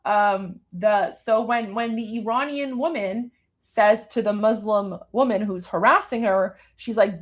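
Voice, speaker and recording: A woman's voice: mid-range voice, measured pace. A woman from Iran hosting a live show, giving emphatic, indignant commentary on a video, with many fillers and restarts. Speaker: host.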